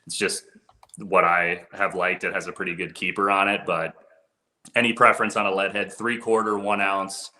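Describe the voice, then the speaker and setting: A man's voice: low voice, level tone, moderate pace, pushed and bright, reverberant. A man who works as a fishing guide, talking gear in a laid-back way, saying "dude" and "bro". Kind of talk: casual gear talk.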